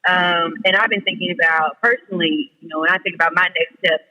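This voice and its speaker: A man's voice: high-pitched, steady tone, quick pace, sharp tone, big-room sound, low-quality recording. A man calling in as a podcast guest, talking in an easygoing, thoughtful and reflective way. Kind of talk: casual chat.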